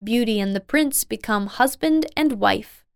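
A woman narrating a simple storybook in a slow, plain, even way. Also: fairly high pitch, creaky, clean tone, no echo, studio quality. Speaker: reader.

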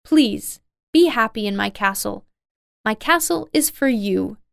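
Storybook beast, male, lonely and gentle, a woman doing him; crisp, dry, unhurried. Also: fairly high pitch, lively intonation, no echo. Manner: slow, simple, plainly spoken lines.

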